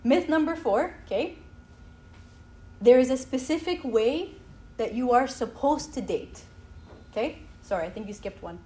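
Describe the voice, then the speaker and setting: A woman in her thirties giving an animated talk with slides at a church gathering, often tagging her sentences with "okay?". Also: sits high, unhurried, pauses often. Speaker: speaker at a church youth talk. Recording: echoey hall, faint ambience.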